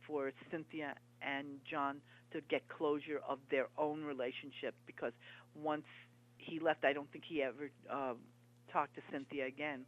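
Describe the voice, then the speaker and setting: A woman's voice: sits low, fairly even intonation, normal speed. Earnest woman reminiscing, lo-fi sound. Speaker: guest author. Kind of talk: conversational interview. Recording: dull lo-fi broadcast audio.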